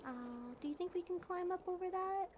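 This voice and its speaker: A young woman with a high voice, chatting to viewers while she plays a cozy game. She gushes sweetly, laughs softly and often clears her throat. A faint hiss sits under the recording. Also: a little fast. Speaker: streamer. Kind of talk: casual gameplay livestream chat. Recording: faint background noise.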